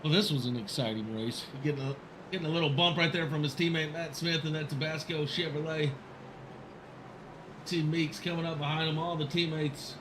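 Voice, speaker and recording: A man calling a sim racing broadcast, excitable and quick to shout at big moments. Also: fairly high pitch, background noise. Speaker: race commentator. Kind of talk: sim racing play-by-play commentary.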